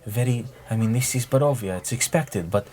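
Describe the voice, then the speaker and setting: A man voicing an earnest young nobleman who speaks in halting, hushed, urgent tones. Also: mid-range voice, natural voice.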